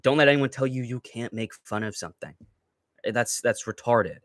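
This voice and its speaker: A man's voice: medium pitch, normal speed, a bit bright, dry recording, studio quality. A young man hosting a livestream, ranting with heated, profane, mocking commentary. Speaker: livestream host.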